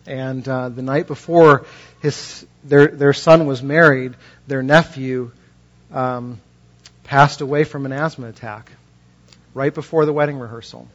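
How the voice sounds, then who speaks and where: A man preaching a sermon as a pastor, talking conversationally and acting out quoted voices, his pitch climbing when he gets impassioned. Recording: dull lo-fi recording.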